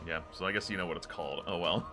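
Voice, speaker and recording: A man running a tabletop game as game master, relaxed and joking, laughing often. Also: sits low, quick pace, music in the background.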